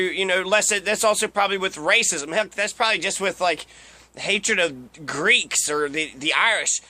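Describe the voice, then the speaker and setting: A man's voice: high-pitched, normal speed, pushed and bright, dry recording. A young man giving casual, profane commentary while reading through a list, ranting and mocking. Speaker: video commentator.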